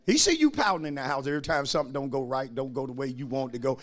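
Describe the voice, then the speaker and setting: A man, preaching a sermon as pastor and swinging from quiet asides to shouted lines. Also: medium pitch, expressive, racing.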